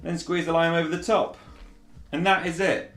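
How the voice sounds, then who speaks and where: A man's voice: on the high side, moderate pace, soft background music. Man, bartender host, casual cocktail demo, chatty, echoey room. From Yorkshire, England. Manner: chatty and relaxed, with fillers and restarts.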